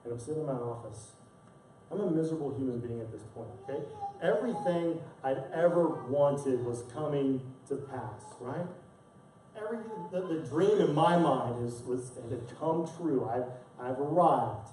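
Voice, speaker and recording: Preaching in a church sanctuary, a male pastor recounts a personal story earnestly and emotionally, repeating words as he speaks. He has a mellow mid-range voice at normal speed, captured with distant, echoey church sound and a little hiss or hum.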